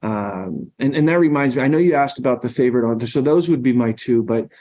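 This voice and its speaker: A middle-aged man with a mellow, warm tone tells stories at an easy pace. He rambles through long anecdotes as a podcast guest, with plenty of ums and restarts. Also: medium pitch, a little fast. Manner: rambling anecdotes with many fillers. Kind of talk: storytelling in casual conversation.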